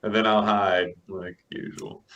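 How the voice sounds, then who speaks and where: Slow, low-voiced laid-back male player. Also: level tone, bright, forceful tone, highs cut off. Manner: laid-back, laughs often. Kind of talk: casual game chat.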